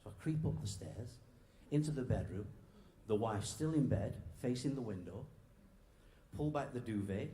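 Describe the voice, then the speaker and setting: Bloke doing after-dinner comedy, bouncy lively pitch, echoey hall with faint noise behind. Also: male voice, moderate pace. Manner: chatty, acts out both sides of dialogues. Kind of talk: stand-up storytelling with jokes. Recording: roomy hall echo, faint background noise.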